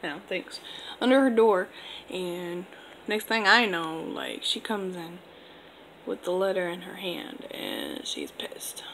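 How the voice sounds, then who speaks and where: A woman's voice: lowish voice, slow, fairly bright tone, slight background noise, rough recording. A young woman in her twenties casually telling a personal story to camera, rambling with lots of fillers. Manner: rambling, filler-heavy, laid-back. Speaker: vlogger.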